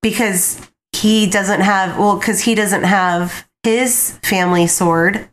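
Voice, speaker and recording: A woman co-hosting a casual chat, relaxed, agreeing and speculating. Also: mid-range voice, takes it slowly. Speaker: podcast co-host.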